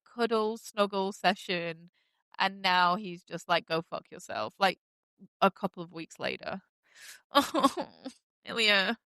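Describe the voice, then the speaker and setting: Bright, chatty woman gushing over a show. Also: mid-range voice, clear, resonant tone, dry recording. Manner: chatty, many fillers, animated gushing. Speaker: podcast host recapping a TV series. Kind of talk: casual recap chat.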